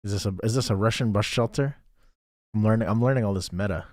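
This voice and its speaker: This man streams a geography game in clean studio quality with no echo, chatting and thinking aloud while thanking his viewers. His voice is fairly low and a little mellow, and he talks fast. It's casual live-stream game commentary.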